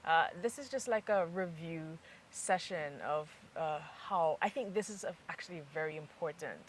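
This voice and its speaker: A woman's voice: low voice, moderate pace, slight background noise. A young adult woman hosting an instructional podcast, patiently quizzing listeners with repeated examples as a language teacher. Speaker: Mandarin teacher and podcast host.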